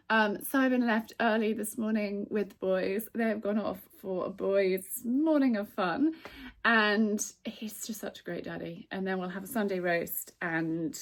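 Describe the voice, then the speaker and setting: A woman chatting warmly in a casual vlog, emotional at times. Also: mid-range voice. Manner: chatty and emotional, fast asides. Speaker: vlogger. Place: stable yard and home, indoors and out.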